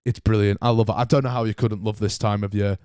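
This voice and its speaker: A man's voice: on the low side, quick pace, clean tone, no echo, studio quality. A young man hosting a solo podcast, chatting casually and ranting with lots of banter. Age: young adult. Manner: animated, ranting, banter-heavy. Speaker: podcast host.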